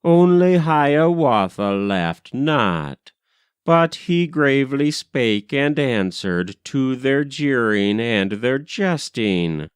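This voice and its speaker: A man reading narrative poetry aloud with a rhythmic, measured verse delivery. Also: medium pitch, very animated, smooth, no echo.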